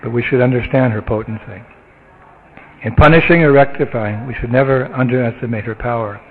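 A man's voice: medium pitch, fairly quick, husky. A man giving a sermon in a conversational storytelling way, with the odd chuckle. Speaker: spiritual teacher. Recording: tinny phone-like line.

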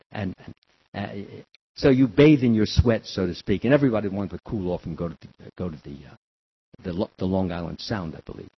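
An older man tells a sermon story with lively, swooping pitch and a slightly husky voice. He acts out children's cries in a high voice. The recording sounds dull and lo-fi. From the Bronx, New York. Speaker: devotional speaker.

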